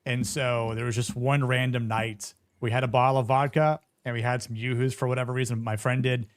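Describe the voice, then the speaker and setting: A middle-aged man hosting a casual podcast chat, talking in a laid-back, halting way with fillers and restarts. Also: medium pitch, level tone. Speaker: podcast host reading chat.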